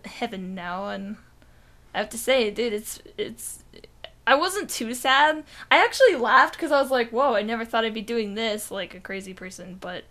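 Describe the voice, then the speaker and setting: A young woman co-hosting a podcast rambles through a story in casual chat, peppering it with "like" and swear words. Her mid-range voice sounds pushed and bright.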